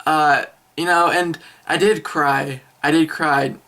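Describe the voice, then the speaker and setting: A young man of eighteen giving an excitable, rambling film review vlog with many fillers and restarts. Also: fairly high pitch, takes it slowly. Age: young adult.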